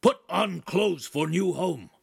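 A man voicing a lazy male canine AI, a floating dog head that talks in broken phrases with a rolling growl and sharp barks. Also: high voice, animated, slow pace, creaky, husky, no echo, clean studio sound, pitched above the performer's own voice, full character voice. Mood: barking.

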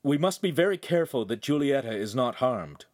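A man's voice: mid-range voice, big pitch swings, a little fast, a little mellow, no room sound, studio quality, pitched above the performer's own voice, close to an everyday voice. A man voicing an anxious but brave young male apprentice who talks in an earnest, urgent way. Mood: tense.

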